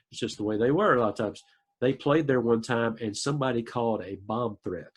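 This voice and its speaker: A man's voice: mid-range voice, moderate pace, breathy edge. A man hosting a podcast, chatting casually, laughing along and jumping in to finish stories. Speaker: podcast host. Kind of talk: casual chat.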